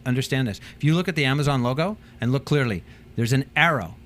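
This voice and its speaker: Fast-talking animated male business trainer. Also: medium pitch, a little hiss or hum. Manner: animated storytelling, acts out quotes in changing voices. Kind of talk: casual talk show chat.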